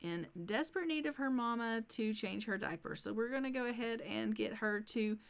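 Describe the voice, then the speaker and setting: A woman's voice: on the high side, moderate pace, creaky, clean tone. A woman giving casual let's-play commentary on a life-sim game, chatting along and talking to her characters as she plays. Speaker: gameplay narrator.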